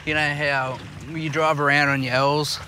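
A man's voice: a little high, level tone, moderate pace, pushed and bright, slight background noise. An Australian man co-hosting a podcast, telling rambling, profane stories in casual chat. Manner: swears a lot, tells rambling stories. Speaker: podcast co-host.

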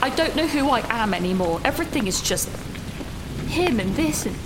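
Flustered woman in loud rain. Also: fairly high pitch, animated, moderate pace. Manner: flustered, self-pitying rant. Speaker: student missionary leaving a voice note. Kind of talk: comedic voice-note monologue. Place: outdoors in the rain. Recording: loud rain noise outdoors. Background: heavy rain and thunder.

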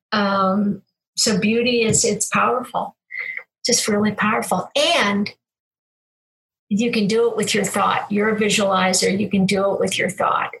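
A woman's voice: medium pitch, a bit bright, rough recording. Earnest, spiritual woman telling a story. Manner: earnest, spiritual, meandering with frequent restarts. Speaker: former hospital chaplain, guest. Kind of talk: casual conversational storytelling.

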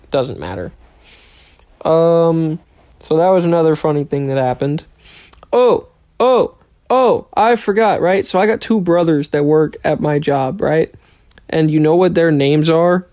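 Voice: medium pitch, darkish tone. A young adult podcast host talking casually on their own, rambling from one joke to the next and acting out what others said. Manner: rambling and jokey, acts out quoted lines in silly voices. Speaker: podcast host, trainee pilot. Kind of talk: casual solo podcast monologue.

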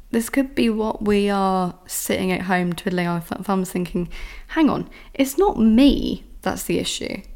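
On her own podcast, a young woman with a medium-pitched, darkish voice rants casually about dating. She sounds exasperated, curses frequently, and imitates the way men talk.

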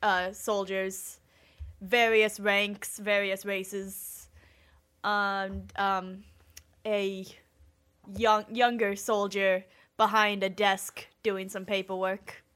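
A woman running a tabletop game as game master, describing scenes in a halting way full of fillers. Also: mid-range voice, flat delivery, a bit bright, clean tone.

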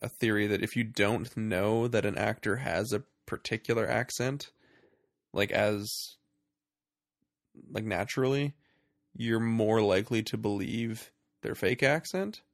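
A man riffs through a casual movie podcast with a wry, jokey manner. His voice has a gravelly edge. The sound is dry and close, with no room around it. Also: fairly low pitch, a little slow, no room sound. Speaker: podcast host.

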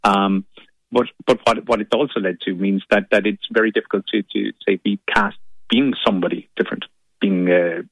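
A man's voice: lowish voice, fairly even intonation, moderate pace, no echo. A man with an Irish accent, an actor, talking on a radio show in a thoughtful, rambling way. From Ireland. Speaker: actor guest. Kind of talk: radio interview. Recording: muffled lo-fi line.

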